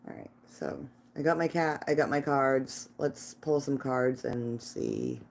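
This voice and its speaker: A woman's voice: extremely low pitch, big pitch swings, unhurried, creaky, slight background noise. A woman doing a casual tarot reading live from her living room, chatty and laughing, talking to her cat and viewers through a phone. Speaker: tarot reader livestreaming. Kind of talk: casual livestream chat.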